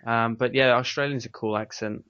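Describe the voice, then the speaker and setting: A man's voice: medium pitch, steady tone, normal speed, fairly bright tone, clear, resonant tone, no echo. A man with an English accent hosting a casual podcast chat, rambling and laughing often. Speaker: podcast host. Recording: dry, dull lo-fi mic.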